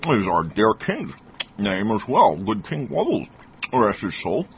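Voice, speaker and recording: A friendly village cobbler from a storybook, mumbling with his mouth stuffed with food, as a man puts him on. The words come out slow and muffled, in a voice a little higher than the reader's own. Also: wildly swooping pitch, gravelly, slight background noise, heavily acted.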